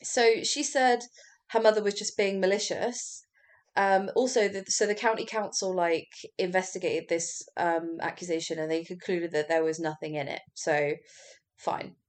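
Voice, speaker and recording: With a mid-range voice, a woman relates a true crime story on a podcast in a relaxed, talkative way. Laughter comes easily to her, and she drops an occasional swear word.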